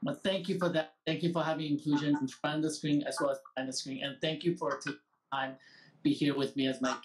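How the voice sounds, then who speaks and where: A man's voice: a little high, steady tone, fast, slight background noise, poor audio. A man hosting a web talk show, thanking his guest and wrapping up for viewers. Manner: warm thanks, upbeat wrap-up to viewers.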